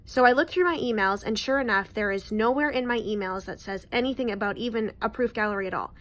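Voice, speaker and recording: A woman's voice: a little high, quick pace. A woman in her thirties, a newborn photographer, telling a client story to the camera in a chatty, emphatic way. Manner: chatty, emphatic, repeats words for stress.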